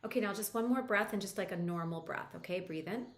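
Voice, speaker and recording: A woman coach leading a guided tapping lesson, talking the listener through each step in a calm, reassuring way. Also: mid-range voice, fast, a little hiss or hum. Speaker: EFT practitioner and coach. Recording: roomy echo.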